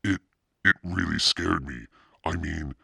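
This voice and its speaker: A man's voice: rumbling low, unhurried, gravelly, sharp tone, breathy edge, dry recording, clean studio sound, voice pushed up, full character voice. A man voicing a frightened young boy in a bug costume, crying out in panicked pleas. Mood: stammering. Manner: panicked pleading cries.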